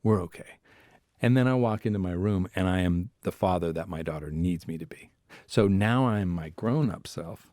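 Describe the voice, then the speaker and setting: This is a man speaking as a family therapist on a podcast, telling stories about his life. His voice sits low, and he sometimes acts out the voices of people in his stories. The recording is dry and close, with no room sound. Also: moderate pace, a little mellow, no echo. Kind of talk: conversational podcast storytelling.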